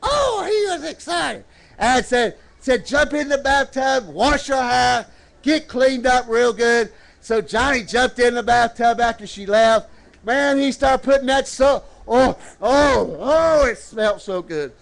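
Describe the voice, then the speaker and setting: A man preaching a storytelling sermon at a church service, calling out to the congregation and swooping into slow, dramatic phrases. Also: extremely high pitch, creaky.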